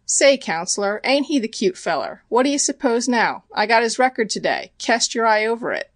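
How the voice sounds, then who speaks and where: A woman's voice: a little high, animated, normal speed, no echo. Woman doing a slangy, grinning old-time police detective. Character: male Irish-New York police detective, breezy and sly.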